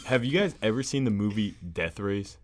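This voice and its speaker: A man's voice: on the low side, lively intonation, normal speed, slight background noise. A man in casual podcast chat, laid-back, telling stories from movies.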